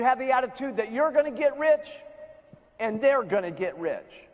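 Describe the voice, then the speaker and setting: A man's voice: very high voice, lively intonation, normal speed. A man giving a motivational sales seminar talk to distributors, emphatic and repetitive, heard in a reverberant hall. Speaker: company founder speaking to distributors.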